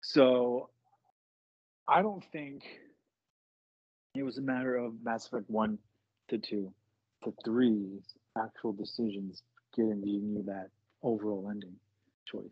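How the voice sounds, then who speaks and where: A man with a husky voice co-hosts a casual podcast and lays out his argument in a measured, lengthy way. The recording is dry and close, with a dull lo-fi sound. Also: fairly low pitch, steady tone, no room sound. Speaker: podcast co-host. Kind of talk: casual chat.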